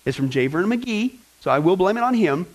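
A male pastor preaching a lively sermon, joking and talking straight to his congregation. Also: high voice, a little fast, low-quality recording. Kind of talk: sermon with fill-in-the-blank notes.

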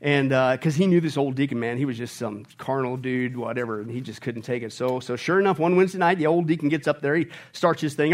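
A man preaching a sermon as pastor, animated and joking, with sudden loud bursts. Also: a little high, fast, few pauses.

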